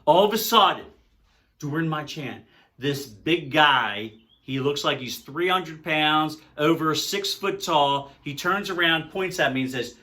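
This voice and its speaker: An older man telling a concert story to camera in a casual, animated way. He swings from loud excitement to hushed dread. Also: a little high, moderate pace. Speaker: music vlogger.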